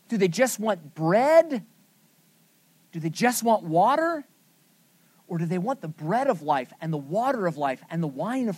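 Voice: medium pitch, darkish tone, no room sound. A Bible study teacher leading a scripture lesson, asking the group questions and then answering them with emphasis.

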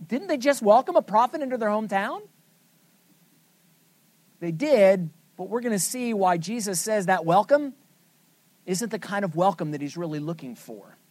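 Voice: mid-range voice, a little mellow, no room sound. A Bible study teacher leading a scripture lesson, asking the group questions and then answering them with emphasis.

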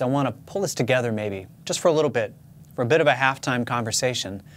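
A man pastor giving a sermon, speaking in a measured, earnest way and reading scripture aloud. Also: medium pitch, a little hiss or hum.

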